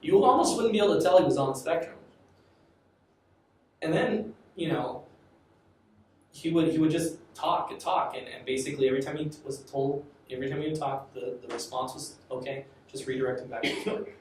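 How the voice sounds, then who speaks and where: A man's voice: a little high, a little fast, a little mellow. A man giving a classroom lecture in a conversational way, often repeating and restarting phrases. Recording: echoey classroom from far off, faint noise.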